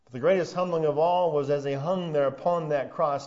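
A man preaching a sermon as pastor, building to loud emphatic peaks and then dropping low and quiet for weight. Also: fairly even intonation, brisk, hardly any pauses. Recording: dull lo-fi sound.

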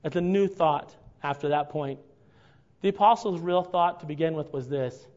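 A man preaching a sermon to his congregation, earnest and building to impassioned, drawn-out emphasis. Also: a little high, a little mellow, highs cut off. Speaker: pastor.

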